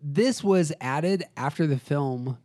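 A man hosting a casual film talk show, animated, acting out scenes as he retells them. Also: a little high, takes it slowly, no echo, clean studio sound. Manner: animated, acts out scenes with voices. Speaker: podcast host.

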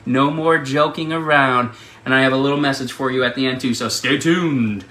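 Picture a man with a very bright, forward voice telling a story in a casual, chatty way. He laughs often and fills gaps with "um" and "you know". He then moves into a ministry appeal in the same relaxed tone. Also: mid-range voice, moderate pace. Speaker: ministry leader.

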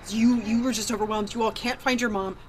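A woman's voice: fairly high pitch, fairly even intonation, brisk, a little hiss or hum. A woman narrating as game master of a tabletop role-playing game, who talks hesitantly with many fillers and restarts.

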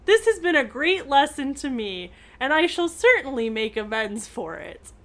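A man's voice: very high voice, very animated, moderate pace, fairly bright tone, exaggerated voice. A woman voicing a flustered middle-aged French male financier who speaks in a stiff, formal way. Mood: dismayed.

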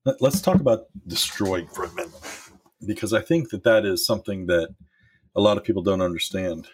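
Husky, deep-voiced middle-aged man. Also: animated, brisk. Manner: candid and storytelling, with occasional swearing. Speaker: former manager sharing leadership lessons. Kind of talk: motivational talk.

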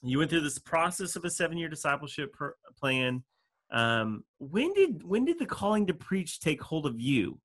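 A man, a preacher co-hosting a podcast, asking questions in an animated, stammering way. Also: a little high, moderate pace. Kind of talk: interview chat.

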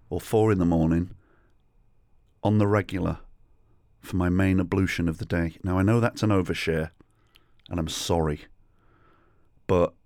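Man, middle-aged, deep low voice, rambling sweary comic storytelling, solo podcast host, dry close sound. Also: a little mellow, no echo. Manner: rambling, sweary, self-deprecating anecdotes.

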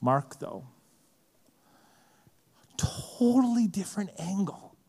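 High, impassioned male preacher. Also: very animated, slow pace, vocal fry, breathy edge. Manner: impassioned, rising to shouts then dropping low. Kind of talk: sermon. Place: large event hall.

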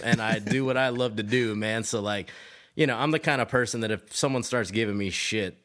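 A man's voice: medium pitch, fairly quick, a bit bright. Male guest, mid-range voice, casual and profane, restarts a lot. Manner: loose and profane, frequent laughs and restarts. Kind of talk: casual storytelling chat.

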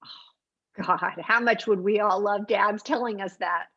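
A woman's voice: mid-range voice, steady tone, measured pace, pushed and bright, slightly rough, no room sound. A woman hosting a podcast interview, chatty and enthusiastic, laughing along with her guest. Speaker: podcast host. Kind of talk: casual interview chat. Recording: dry, slightly dull sound.

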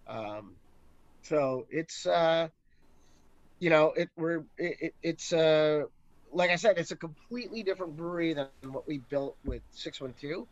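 A man's voice: a little high, lively intonation, measured pace, no echo. Hesitant man, dull dry recording. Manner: hesitant, many ums and restarts. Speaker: brewery co-founder guest. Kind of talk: casual interview chat.

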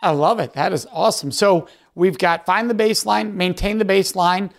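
A man's voice: high-pitched, a little fast, gravelly. A man hosting an interview, chatting in an enthusiastic, affirming way. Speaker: host. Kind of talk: conversational interview.

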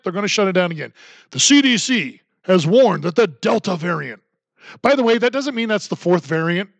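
A man's voice: high voice, no echo. A man hosting a solo commentary podcast, talking in a sarcastic, ranting way. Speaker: podcast host.

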